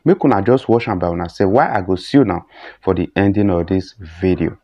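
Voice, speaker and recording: A man's voice: deep voice, lively intonation, fast talker, lo-fi sound, noisy background. A man with a Nigerian accent giving casual commentary on news clips, often checking in with "you understand?".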